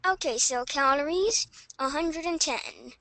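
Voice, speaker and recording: A woman's voice: high voice, pushed and bright, dry recording. A female student in class, reading out a nutrition label item by item. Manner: slow, listing items one by one.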